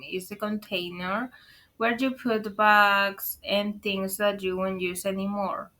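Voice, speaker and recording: Bright-voiced woman teaching slang slowly. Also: medium pitch. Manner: explains patiently, asks "right?" often, calls viewers "guys". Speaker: English teacher. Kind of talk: casual online lesson.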